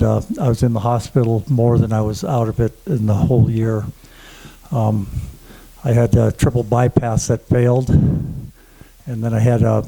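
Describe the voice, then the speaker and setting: Halting man telling his own story. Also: medium pitch, creaky, dark tone, poor audio. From German family. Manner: halting, many fillers and restarts. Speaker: conference speaker. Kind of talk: personal testimony to an audience. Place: conference room before an audience.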